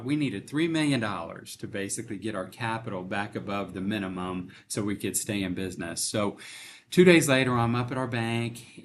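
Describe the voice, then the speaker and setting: A man's voice: on the low side, slight background noise. A middle-aged man, a bank CEO, earnestly telling a personal faith story in an interview and acting out the dialogue. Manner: earnest storytelling, emotional, acts out quoted dialogue. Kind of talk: conversational testimony in an interview.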